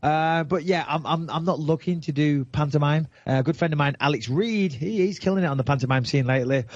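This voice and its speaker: A playful English man hosting a chatty podcast, his voice sitting a little high. He rambles and teases his co-host, recorded close and dry. The sound is slightly dull, like podcast audio. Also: fairly quick, a little mellow, dry recording. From England. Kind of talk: casual podcast chat.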